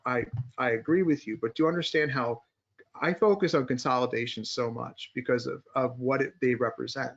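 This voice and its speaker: A man's voice: mid-range voice, a little fast, vocal fry. A male co-host of a podcast chatting casually, joking around and then explaining stock charts step by step, with many restarts. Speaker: market strategist and co-host. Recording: muffled lo-fi audio.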